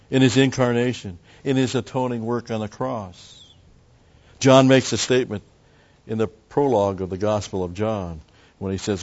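A man's voice: medium pitch, a little mellow. A man preaching a methodical Bible teaching, explaining Greek words and repeating key terms. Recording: dull lo-fi recording.

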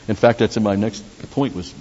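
A pastor preaches a sermon conversationally, with asides and restarts, and leads the congregation in prayer. His voice is on the low side, fairly quick, darkish, and a little breathy. The recording is a dull, roomy hall with faint hiss.

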